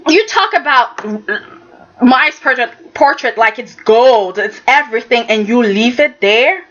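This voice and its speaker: A woman's voice: fairly high pitch, animated, unhurried, a bit bright, a little hiss or hum. A woman reviewing a soap opera in a casual, emphatic, exasperated way, often tossing in "okay?". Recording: dull lo-fi sound.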